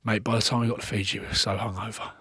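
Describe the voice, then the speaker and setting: A man's voice: on the low side, level tone, rapid-fire, sharp tone, breathy edge, no room sound, clean studio sound. A man from Scotland, a former rugby player, telling stories as a podcast guest in casual chat. He swears freely and acts out the people he quotes.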